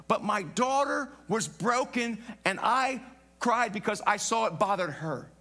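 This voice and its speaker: A male pastor preaching a sermon in a church, animated and conversational, with humorous asides. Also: high-pitched, moderate pace.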